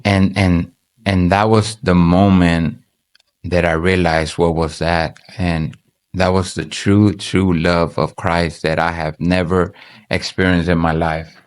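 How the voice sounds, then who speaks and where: A man with a fairly low voice tells his faith story in an earnest, halting way. He keeps restarting his sentences as he speaks to a church interviewer. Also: flat delivery, clear, resonant tone. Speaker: church member giving testimony. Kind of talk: personal faith testimony.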